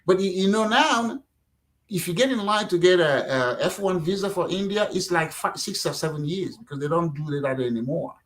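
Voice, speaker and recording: Animated Nigerian-born man telling stories. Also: high-pitched, moderate pace, low-quality recording. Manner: animated storyteller, acts out quotes, frequent "you know". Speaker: guest. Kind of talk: casual interview talk.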